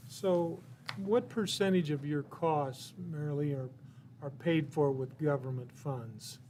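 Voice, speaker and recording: A man asking a council presenter measured questions. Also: a little high, mellow, slight background noise. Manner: measured, inquiring. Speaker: city council member.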